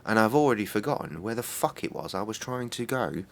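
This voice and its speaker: A man putting on a slow, formal impression of an older male London film actor. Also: fairly low pitch, animated, slight background noise. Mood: deadpan.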